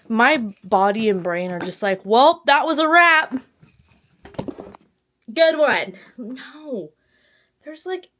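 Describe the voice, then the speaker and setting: A young woman from Texas chatting casually to camera in a home vlog, self-mocking, with sudden squeals and whispered asides. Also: a little high. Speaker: book vlogger.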